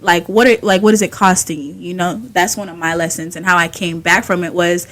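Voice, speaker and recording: A young woman talking as a podcast guest in a casual, animated way, laughing often and using slang. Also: lowish voice, fairly quick, few pauses. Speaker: guest, skincare business owner.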